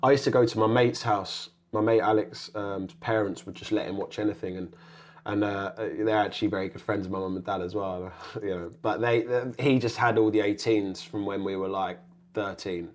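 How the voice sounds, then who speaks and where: Man, young adult, low voice, rambling, animated, podcast guest. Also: normal speed. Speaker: actor guest. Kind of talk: casual interview chat.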